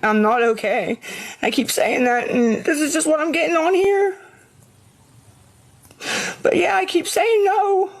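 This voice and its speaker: High-voiced woman pleading slowly. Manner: pleading, plaintive, begging for help. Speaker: livestreamer asking viewers for money. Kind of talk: live stream talk.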